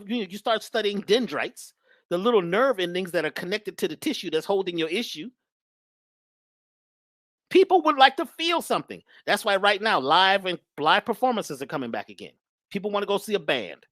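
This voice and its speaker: A woman's voice: mid-range voice, a bit bright, no echo, clean studio sound. A woman guest speaker talking in an emphatic, preachy but casual way about spirituality and love. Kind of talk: spiritual talk, casual conversation.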